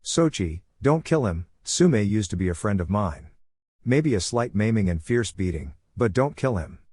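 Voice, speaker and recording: A man's voice: lowish voice, expressive, normal speed, darkish tone, husky, no echo, clean studio sound. A man voicing a fierce, protective ninja mother. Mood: wry.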